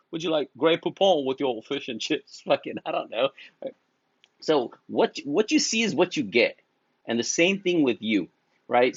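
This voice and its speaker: A man's voice: medium pitch, no room sound, muffled recording. A man giving a blunt, profane motivational talk to beauty professionals, full of slang and restarts, laughing at his own jokes. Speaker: beauty business coach. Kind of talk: casual motivational talk to camera.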